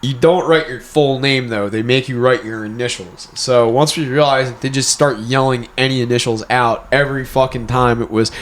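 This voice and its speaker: A man's voice: medium pitch, steady tone, moderate pace, few pauses. A young man co-hosting a podcast, telling crude stories in casual chat. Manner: crude, laid-back storytelling. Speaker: podcast co-host.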